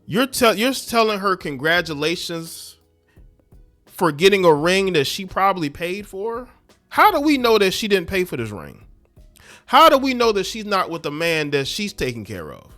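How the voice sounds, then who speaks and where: A man's voice: sits high, big pitch swings, normal speed, pushed and bright, no echo, soft background music. Scornful ranting male commentator. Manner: scornful, preachy, talks straight at the listener. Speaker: commentary channel host. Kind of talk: ranting social media commentary.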